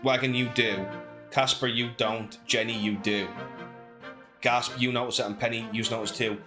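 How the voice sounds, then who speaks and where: A man's voice: mid-range voice, little pitch movement, normal speed. A man running a tabletop game as game master, narrating scenes vividly. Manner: vivid, descriptive storytelling. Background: background music.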